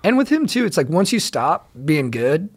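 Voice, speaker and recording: A man who is an actor, guesting on a podcast and chatting in an animated, blunt, profane way. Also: a little high, moderate pace. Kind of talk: casual chat.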